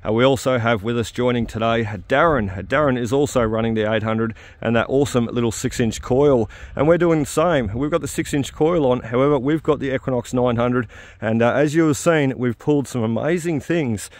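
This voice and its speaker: A cheerful Australian man of middle age chats away outdoors about his finds. His voice sits at an ordinary pitch, and he talks with an easy, enthusiastic manner, often pausing on a quick 'uh'. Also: no room sound. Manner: upbeat and chatty, with frequent 'uh' fillers. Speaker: metal detecting vlogger. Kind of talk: casual outdoor commentary. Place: outdoors at an old house site.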